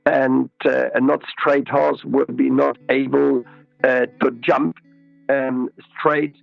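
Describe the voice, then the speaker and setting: A man, a riding expert being interviewed, explaining slowly and methodically and repeating his key words. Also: medium pitch, little pitch movement, gravelly, no echo, muffled recording, soft background music.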